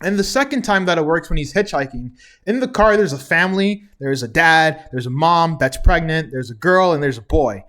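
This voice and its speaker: High-voiced young man, chatty recap. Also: expressive, normal speed, fairly bright tone. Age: young adult. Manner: chatty, chuckles often between remarks. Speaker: TV recap vlogger. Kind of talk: casual episode recap.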